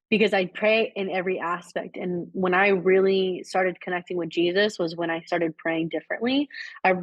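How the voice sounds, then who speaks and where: A woman with a fairly low-pitched voice co-hosts a podcast with a casual spiritual chat. She rambles, using "like" a lot and frequently restarting. The sound is dry and slightly dull, with no echo.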